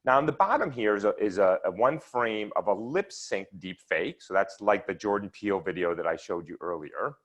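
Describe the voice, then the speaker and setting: With a fairly low, animated voice at normal speed, the man barely pauses as he lectures. At an online seminar he explains his research slides, guiding listeners through the charts step by step.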